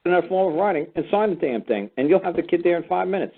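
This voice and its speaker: A man's voice: high-pitched, expressive, quick pace. A man hosting a call-in radio show, blunt and profane, lecturing callers. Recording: phone-like narrow sound.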